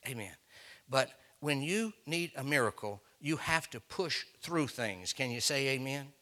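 A man preaches a sermon full of folksy stories, acting out the characters and letting his voice climb to shouts. His pitch is medium, his delivery animated but unhurried.

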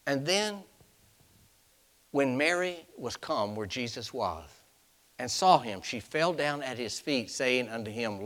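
Preacher swinging from whispers to shouts. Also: male voice, medium pitch, animated, slow. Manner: reads scripture aloud in King James wording. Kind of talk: sermon.

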